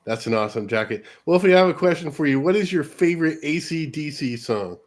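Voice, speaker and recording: A man from California hosting a radio show, introducing bands in a relaxed, chuckling, loosely profane way. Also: a little high, fast talker. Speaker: radio host. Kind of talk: casual radio chat.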